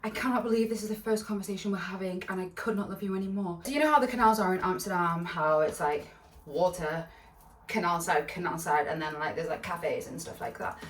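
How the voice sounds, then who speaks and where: This vlogger, a woman with a lowish voice, tells a casual storytime at a brisk clip, bubbly, giggly and rambling with plenty of asides. The mic is distant and the room echoey, leaving her a little off-mic.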